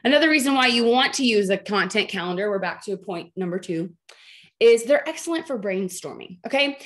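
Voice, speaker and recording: A woman's voice: mid-range voice, lively intonation, a little fast, a bit bright. A woman in her thirties coaching her team on a video call, chatty and joking, with frequent emphatic "okay?" check-ins. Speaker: team leader training her sales team. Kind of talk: training talk on a video call.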